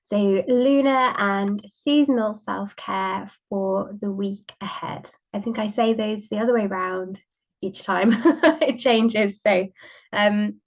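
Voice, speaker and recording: A woman hosting a solo podcast, sniffly and croaky from a cold, talking gently and rambling with plenty of ums. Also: medium pitch, steady tone, slow pace, muffled recording. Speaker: podcast host. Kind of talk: casual solo podcast talk.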